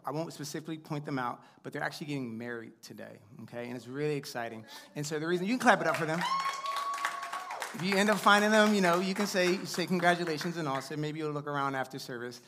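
A man's voice: fairly high pitch, fast talker, bright, forceful tone. A man in his thirties giving a sermon on a church stage, chatty and upbeat, telling stories with plenty of fillers and asides to the crowd. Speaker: guest preacher. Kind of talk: sermon with casual storytelling. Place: church sanctuary before a congregation.

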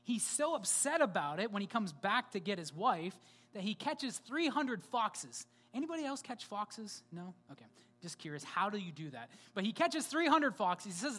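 A woman's voice: mid-range voice, sing-song, moderate pace, fairly bright tone. Woman preacher, casual storytelling sermon, lots of rhetorical asides.

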